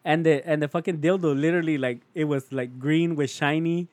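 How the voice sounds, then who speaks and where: A man's voice: on the high side, steady tone, a little fast, a little mellow, dry recording. A young man, telling a story in casual chat, slangy and profane, calling his listener "fool" over and over.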